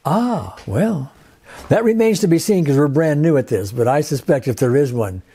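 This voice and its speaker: An older man with a warm, fairly high voice talks through a story in an easy, unscripted way. He rambles, restarts his phrases and leans on fillers as he explains. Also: expressive, normal speed, husky. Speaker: host. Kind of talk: casual explanatory talk.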